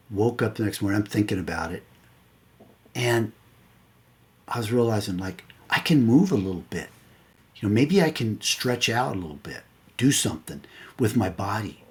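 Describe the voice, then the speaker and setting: A man coach giving a motivational talk through a personal story, earnest and at times dropping low and soft to tell the hard moments.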